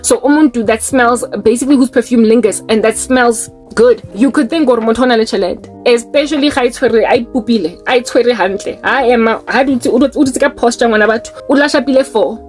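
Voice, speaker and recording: Outspoken South African woman, higher voice. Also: fast, hardly any pauses, darkish tone, soft background music. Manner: emphatic and outspoken, with heavy repetition. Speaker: vlogger. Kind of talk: personal commentary vlog.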